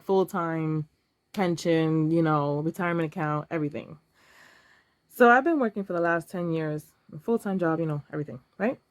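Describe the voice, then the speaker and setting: A woman's voice: on the low side, no echo. Chatty woman vlogger, emotional. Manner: chatty, emotional, counting cash aloud. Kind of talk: casual talk to camera.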